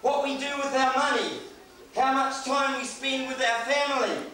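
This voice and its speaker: A man's voice: very high voice, steady tone, moderate pace, pushed and bright. A man with a New Zealand accent preaching a sermon in a church, conversational and joking now and then. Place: church hall. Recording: echoey hall, distant mic, faint hiss.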